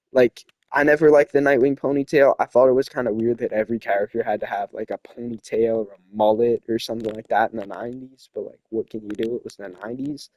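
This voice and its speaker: A man's voice: mid-range voice, a little mellow, dry recording. A young man hosting a casual opinion chat, rambling and opinionated with lots of fillers. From not from South America. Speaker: host.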